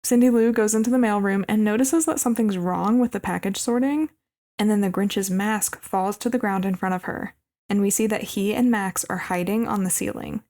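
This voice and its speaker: Relaxed woman with a creaky voice. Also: medium pitch, moderate pace. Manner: relaxed, narrates plot with asides. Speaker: podcast co-host. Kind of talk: casual podcast movie recap.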